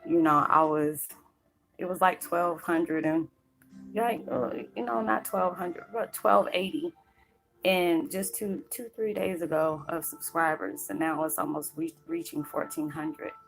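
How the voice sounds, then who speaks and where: On a poorly recorded clip with faint music underneath, a woman vlogger earnestly shares her spiritual journey in an emotional talk to camera. Her voice is low, creaky and a bit bright, fairly even in intonation and unhurried. She rambles through many fillers and seems close to tears.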